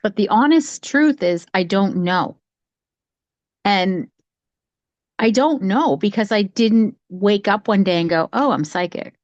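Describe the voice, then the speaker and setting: A woman talking casually from home on a video call, telling a childhood story in a rambling, animated way with many restarts. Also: mid-range voice, slow pace, dry recording, highs cut off. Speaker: psychic medium sharing her story. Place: home, cat nearby.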